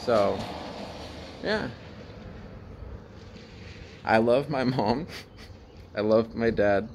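A man's voice: medium pitch, slow, a little mellow, a little hiss or hum. A young man candidly retelling a painful childhood memory in a casual vlog, swearing and laughing as he goes. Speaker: vlogger. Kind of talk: casual personal storytelling.

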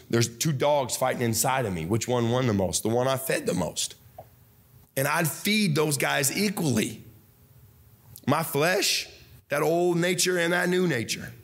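A young man, a pastor, preaching a fervent sermon with loud mock voices and low asides. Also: moderate pace. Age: young adult.

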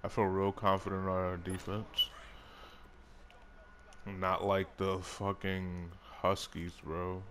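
A man's voice: sits low, completely flat delivery, slow, long pauses, a bit bright, a little hiss or hum. A young man giving casual, profane running commentary while playing a football video game, breaking into frequent outbursts at the action. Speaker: gaming YouTuber. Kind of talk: casual live commentary over gameplay.

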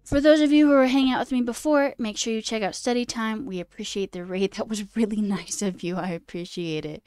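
A woman's voice: fairly quick, darkish tone, clear, resonant tone, no room sound, clean studio sound. Chatty self-deprecating woman streamer. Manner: pitch leaps high mid-sentence. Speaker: coding streamer. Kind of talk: casual live-stream chat.

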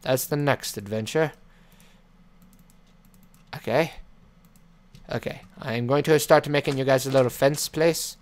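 A man's voice: mid-range voice, measured pace, pauses often. A man hosting a let's play, giving gameplay commentary in a playful way and chatting to and scolding his in-game animal. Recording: clear background noise with clicking.

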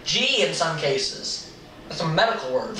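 A man hosting his own video, talking loudly in casual game chat and teasing as he goes. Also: on the high side, very animated, unhurried, roomy sound, far from the mic, slight background noise, poor audio. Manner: joking, teasing; talks loudly. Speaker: video host.

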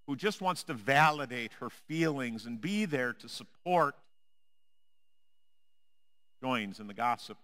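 A man delivers a sermon from the pulpit of a church at an unhurried, drawn-out pace, his voice sitting in an ordinary middle register. He preaches with measured drama, sinking low and quiet whenever he returns to his refrain. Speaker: pastor. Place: church sanctuary.

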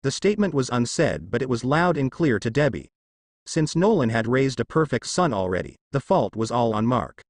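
A man's voice: medium pitch, big pitch swings, normal speed, dry recording, studio quality. A man narrating a fan fiction story in a casual, lightly wry reading style.

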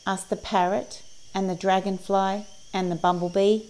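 A woman reading a picture book aloud, patiently listing each animal in a steady cadence. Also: medium pitch, moderate pace, rough recording. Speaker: storyteller.

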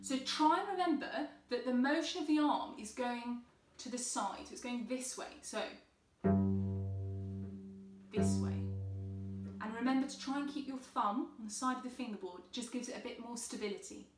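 A woman's voice: fairly high pitch, expressive, brisk, faint music behind. Roomy, distant woman teaching cello. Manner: encouraging, patient, step-by-step instructions. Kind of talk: online music tutorial.

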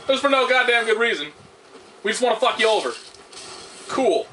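High, lively, bright-voiced man swearing at a game. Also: a little fast, long pauses, slight background noise. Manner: swears loudly at the game, sarcastic asides. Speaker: gameplay commentator. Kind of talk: let's play commentary.

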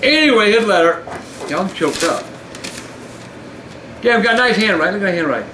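Gruff old guy reading his fan mail, high bright voice, echoey room w/ a bit of hiss. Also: expressive, brisk. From Southern US. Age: older. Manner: gruff, shouts and curses in bursts. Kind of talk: casual chat, reading letters aloud. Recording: echoey room with faint noise.

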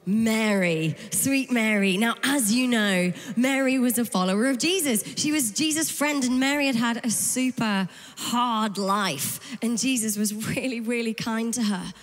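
A woman's voice: fairly high pitch, measured pace, few pauses. A woman preaching a sermon, telling the story dramatically with humour. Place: church hall. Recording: echoey church hall.

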